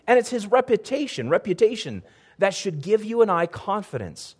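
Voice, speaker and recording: A man preaching a sermon, earnest, building emphasis, pausing now and then to clear his throat. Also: high-pitched, very animated. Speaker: pastor.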